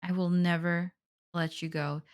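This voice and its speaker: A woman reading the lines of a cold, possessive male captor in a horror visual novel, in a quiet, menacing way. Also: fairly low pitch, little pitch movement, a little slow, smooth, lightly acted. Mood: coldly possessive.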